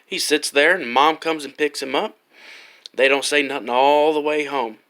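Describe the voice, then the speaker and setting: A man with a high, bright voice telling a dirty joke. He rambles and swears freely, piling on crude detail as the story builds. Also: steady tone, normal speed. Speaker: joke teller.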